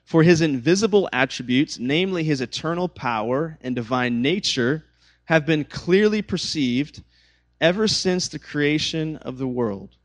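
A man in his thirties preaching a sermon as pastor, conversational and animated, with stories and asides to the congregation. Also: medium pitch.

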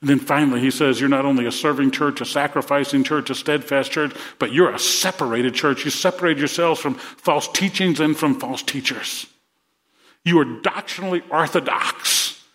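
A man's voice: medium pitch, normal speed, a bit bright. A male pastor preaching a sermon to his congregation in earnest, repeating words as he builds to rousing emphasis.

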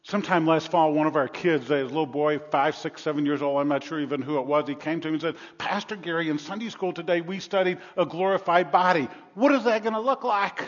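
A male pastor delivering a sermon in a fairly high voice, swinging from soft, hushed lines to loud, emphatic ones with touches of humor. The sound is dull and lo-fi, with a long reverb trailing each phrase as in a large church. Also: brisk, hardly any pauses.

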